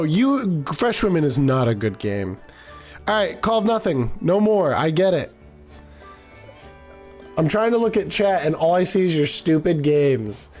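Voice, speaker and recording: A man's voice: a little high, darkish tone. A man streaming a game, chatting casually and rambling off mid-sentence as he reads his chat. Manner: rambling, distracted, quick to trail off.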